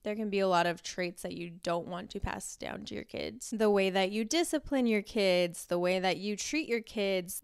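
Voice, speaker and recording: A woman's voice: medium pitch, smooth, dry recording, studio quality. A young woman hosting a podcast, talking earnestly and heartfelt about faith and parenting, with small laughs. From Costa Rica. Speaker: podcast host. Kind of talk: personal faith talk.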